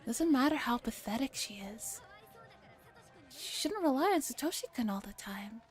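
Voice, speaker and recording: The voice of a furious teenage girl in a dramatic novel reading, read by a woman. She sounds cold and biting, on a slightly high voice, with soft music playing underneath. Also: big pitch swings, moderate pace. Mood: scornful.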